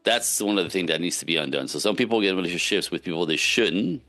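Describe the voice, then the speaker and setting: A man's voice: sits low, quick pace, faint music behind. A man, a relationship coach speaking as a podcast guest, giving casual but emphatic advice and often checking in with "right?". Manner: emphatic, animated, frequent "right?" tags.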